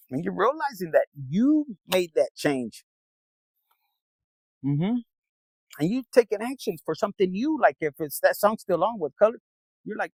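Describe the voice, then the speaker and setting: A man's voice: sits high, big pitch swings, normal speed, vocal fry, long pauses, husky, dry recording, low-quality recording. A man giving a casual tarot reading, rambling and streetwise, swearing freely as he talks to viewers. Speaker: tarot reader.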